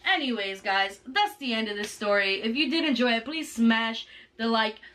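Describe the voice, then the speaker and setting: Woman vlogger spilling a story, slangy and lively, bit far off the mic. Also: on the high side, moderate pace, noisy background. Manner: animated, slangy retelling. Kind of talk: casual storytime.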